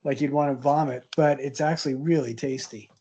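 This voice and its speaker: An art history instructor eases into casual storytelling mid-class, his voice warm, low, steady in tone, and brisk. He rambles chattily and hesitantly with lots of ums and restarts, laughing at his own punchlines, in what sounds like a classroom.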